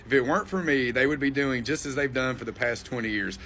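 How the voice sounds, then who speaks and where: A man hosting a reaction video, swearing and scoffing as he rants about the news. His voice is bright and forceful, with a faint hiss of noise underneath. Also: mid-range voice, fast talker. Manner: profane, scornful, ranting. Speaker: political commentary host. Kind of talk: reaction commentary.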